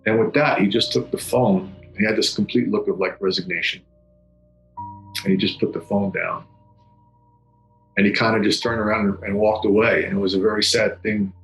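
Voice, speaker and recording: A middle-aged man giving solemn personal testimony, halting and often repeating his words. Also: fairly low pitch, fairly even intonation, a bit bright. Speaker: former federal agent recounting a memory. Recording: echoey room with faint music.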